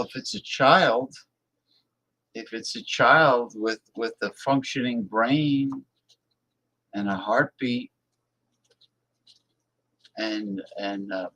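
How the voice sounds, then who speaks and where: A blunt male host talking politics on a casual livestream, reading viewer messages aloud. He speaks emphatically and repeats words to hammer his points home. His pace is slow and drawn out, and his voice sits at an ordinary middle pitch. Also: a bit bright, poor audio.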